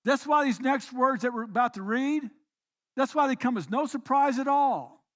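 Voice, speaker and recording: A man pastor preaching a sermon, swinging between quiet reflective passages and emphatic, raised exhortations. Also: extremely high pitch, expressive, normal speed. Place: church.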